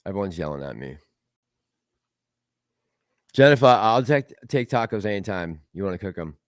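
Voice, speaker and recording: A man's voice: lowish voice, big pitch swings, moderate pace, no echo. A man hosting a casual livestream, rambling and laughing as he reads out and answers chat messages. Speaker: livestream host reading chat.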